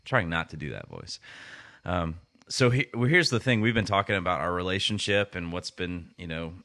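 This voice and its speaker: A man's voice: sits low, very animated, normal speed, sharp tone. A man co-hosting a podcast in casual chat, rambling with frequent restarts. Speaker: podcast co-host.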